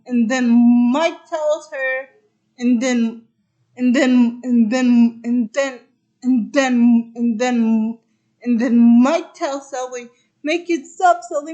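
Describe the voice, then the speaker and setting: A woman's voice: a little high, mellow, lo-fi sound. A woman casually retelling a movie plot, rambling and stringing events together with repeated "and then". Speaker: host.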